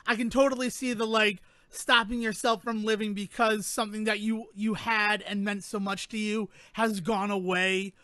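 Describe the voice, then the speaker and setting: A man co-hosting a podcast, chatting casually in an animated, joking, self-mocking way. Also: high voice, moderate pace, few pauses, dry recording. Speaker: podcast co-host. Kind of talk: casual chat.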